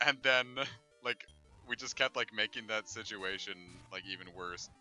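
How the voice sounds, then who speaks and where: Stream host: man, very bright tone, crude joker, faint game music underneath. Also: lowish voice, normal speed, poor audio. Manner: joking, crude, playful banter. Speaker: let's play host. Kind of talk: casual chat over gameplay.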